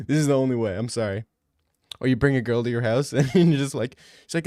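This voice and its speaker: A man's voice: medium pitch, lively intonation, a little fast, dark tone, dry recording, clean studio sound. A young man livestreaming, answering chat in casual, crude, teasing banter. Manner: joking, teasing, profane.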